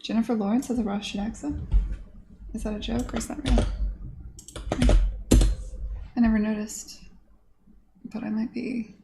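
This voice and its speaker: A woman game dev streamer from the United States chats casually in a fairly high, gravelly voice, a little fast and fairly even in intonation. She rambles with lots of "like" and restarts, over background noise.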